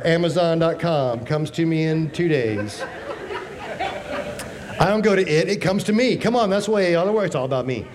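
A man in his fifties delivering a sermon with emphatic, punchy phrasing. His voice sits a bit high for a man. He keeps drawing in listeners with rhetorical questions and quick jokes. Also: animated, a crowd in the background. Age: 50s. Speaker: pastor.

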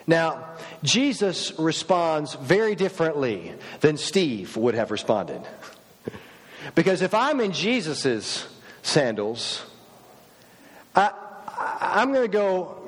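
A middle-aged man preaches slowly and deliberately in a somewhat high voice. He swings between loud, animated mock outbursts and soft, low reflection. His voice carries with a long reverb through a large hall. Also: husky. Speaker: pastor. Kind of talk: sermon.

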